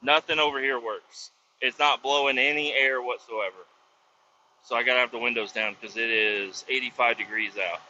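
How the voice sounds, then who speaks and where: A man casually telling a rambling work story from inside his truck, profane and animated, acting out the people he quotes. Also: mid-range voice, moderate pace, muffled recording, slight background noise. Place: inside a pickup truck with windows down.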